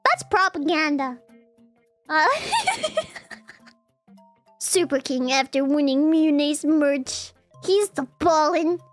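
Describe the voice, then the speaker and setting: A woman's voice: high voice, big pitch swings, slow, long pauses, no room sound, faint music behind. A woman streamer chatting casually on a livestream, giggly and teasing, laughing often.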